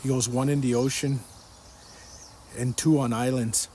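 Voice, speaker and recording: Unhurried and flat, a man with a dark, mid-range voice earnestly shares a dream in his personal religious testimony. He keeps repeating what he was told in it. A light hiss or hum runs through the clip.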